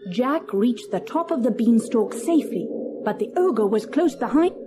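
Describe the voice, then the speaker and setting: Expressive woman reading a fairy tale. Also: a little high, normal speed, soft background music. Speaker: narrator. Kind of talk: storybook narration.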